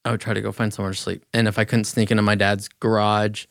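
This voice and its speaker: Gravelly-voiced man, blunt and casual. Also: fairly low pitch, little pitch movement, quick pace, dry recording, clean studio sound. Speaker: podcast guest. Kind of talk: casual conversation.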